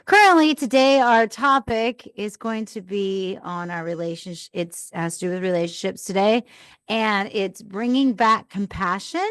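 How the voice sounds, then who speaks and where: A woman's voice: medium pitch, moderate pace, clear, resonant tone, no room sound. A woman hosting a live podcast, telling an earnest, rambling personal story as a mom. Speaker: podcast host.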